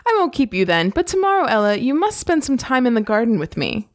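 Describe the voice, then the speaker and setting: A woman's voice: on the high side, big pitch swings, fairly quick, no echo, studio quality, pitched above the performer's own voice. A woman reading the lines of a bossy, spoiled girl who bullies others, voicing her lightly. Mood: condescending.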